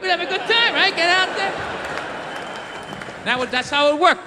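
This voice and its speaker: A man doing stand-up comedy with a Boston accent, telling stories in a loud, ranting way on a stage. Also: extremely high pitch, lively intonation, moderate pace, a crowd in the background, noisy background. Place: comedy stage in a large venue. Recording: live stage recording with hall reverb.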